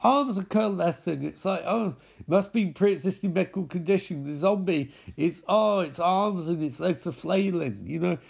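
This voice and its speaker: A man's voice: high voice, normal speed, vocal fry, hardly any pauses, darkish tone, husky. A man giving a mocking, profane recap of a zombie film with lots of exclamations. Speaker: film commentator.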